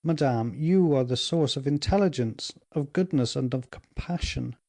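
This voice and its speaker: A man's voice: mid-range voice, moderate pace, a little mellow, close to an everyday voice. A man reading an ardent young duke. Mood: impassioned. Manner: eager and impassioned.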